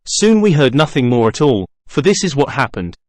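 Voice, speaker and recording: Male narrator reading a novel, dramatic, with a lively pitch and a dry, close sound. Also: moderate pace, dry recording. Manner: dramatic, expressive. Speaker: audiobook reader.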